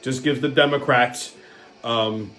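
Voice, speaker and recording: A man's voice: medium pitch, steady tone, takes it slowly, a bit bright. A man hosting a casual political commentary show, ranting with heavy profanity and frequent restarts. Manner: profane, ranting, repeats himself. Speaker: host.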